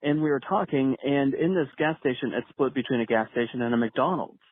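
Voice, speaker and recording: Male caller, storyteller with a chuckle, husky voice, phone-quality audio. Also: mid-range voice, fairly quick. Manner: chatty storyteller, chuckles while telling. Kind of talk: phoned-in anecdote. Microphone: phone voice message. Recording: dry tinny phone line.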